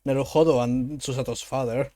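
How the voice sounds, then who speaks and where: A man's voice: mid-range voice, steady tone, a little fast, warm tone, a little hiss or hum. A man in casual chat with friends, easygoing and checking in on them. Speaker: streamer voicing a game.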